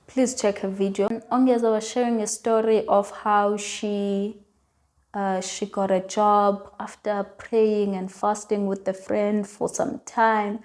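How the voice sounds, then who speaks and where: A woman's voice: medium pitch, a little mellow. A woman telling a personal faith testimony in a casual, earnest way, often repeating herself as she talks. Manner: earnest, emotional, repeats words and phrases. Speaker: vlogger sharing a faith testimony.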